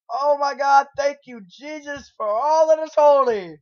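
High, raging young gamer man. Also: unhurried, vocal fry. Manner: raging, swearing, yelling at the game. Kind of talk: gameplay commentary. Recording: lo-fi dull recording.

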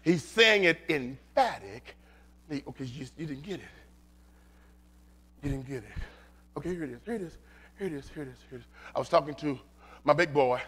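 Animated high-voiced pastor preaching. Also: male voice, brisk, pauses often, husky. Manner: animated, emphatic call-and-response preaching. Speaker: lead pastor. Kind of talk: preaching a sermon.

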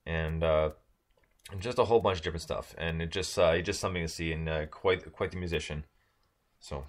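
A man's voice: low voice, fairly even intonation, brisk. A man from Michigan telling a casual story on a podcast, rambling with many fillers and restarts.

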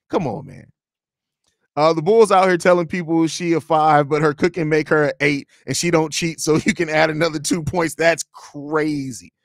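Guy ranting on his live fan stream, swears a lot, kinda high voice, dry close mic. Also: no echo. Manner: blunt, profane, animated banter. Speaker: host of a Bulls fan show. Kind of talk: casual live-stream chat, reading chat comments.

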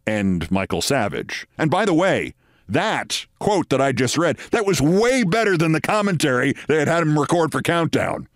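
A man's voice: on the high side, very animated, moderate pace, no echo, clean studio sound. A man hosting a podcast, delivering a scripted commentary monologue with sardonic, emphatic storytelling. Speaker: podcast host.

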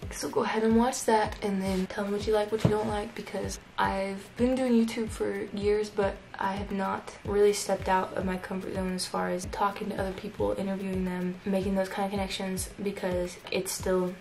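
Young woman, casual vlog storytelling, chatty with "like" fillers, flat even pitch, gravelly fry. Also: moderate pace, hardly any pauses, slight background noise, rough recording. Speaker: YouTuber.

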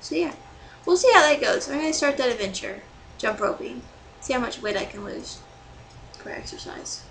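A woman's voice: high-pitched, expressive, a little fast, vocal fry, fairly bright tone, slight background noise, rough recording. A young woman talking casually to camera in a vlog, rambling and exasperated, still angry and swearing freely. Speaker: vlogger.

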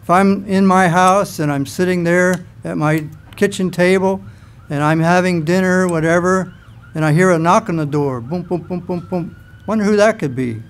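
A man preaching a sermon to a church congregation, telling scripture stories in an animated way. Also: high voice, normal speed, smooth. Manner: animated storytelling, acts out scenes.

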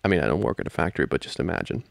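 A young man in a whispered role-play as a boyfriend, soft-spoken and playful, laughing often, close to the microphone. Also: low-pitched, expressive, rapid-fire, vocal fry, no room sound.

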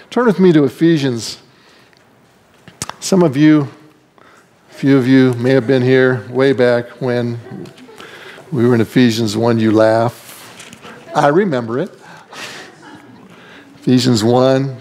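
A male pastor preaching a sermon to his congregation, swinging between soft, quick asides and raised, stressed lines. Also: a little high. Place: church sanctuary.

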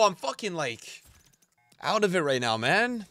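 Streamer, male, tired; bright, slightly high voice, dry close mic, ranting at chat. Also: sing-song, a little slow, no room sound, faint music behind. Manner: swears and vents at chat, swinging from mumbling to yelling. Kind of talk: live-stream gaming chat.

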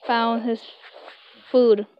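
A young woman reading a web story aloud in slow, halting English, recorded on a close, dry home mic. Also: fairly high pitch, little pitch movement, dull audio, slight background noise. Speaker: story reader.

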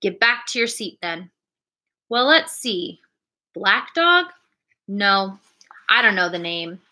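A woman voicing a jovial, strong, one-legged pirate innkeeper, a tall man, with hearty, booming old sailor talk. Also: lively intonation, takes it slowly, pushed and bright, exaggerated voice.

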